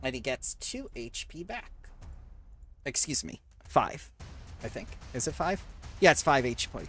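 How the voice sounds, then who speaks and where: A game master running a tabletop session, briskly explaining rules and rolls. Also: mid-range voice, big pitch swings, a bit bright, husky. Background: faint fantasy background music.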